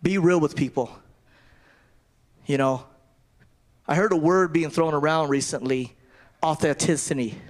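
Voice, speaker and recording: This preacher's voice is a little high, and he moves at a measured pace with long pauses. His conversational sermon loops back on itself through repetitions and fresh starts.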